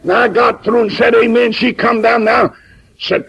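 A man's voice: very high voice, steady tone, moderate pace, creaky, a bit bright, husky, highs cut off. A man, a pastor telling a story in a sermon, folksy and emphatic. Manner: folksy, plain-spoken, emphatic.

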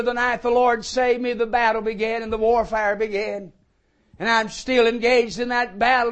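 A man preaching a fervent old-time sermon in a very high voice. He speaks slowly and deliberately, then rises into ringing shouts of praise.

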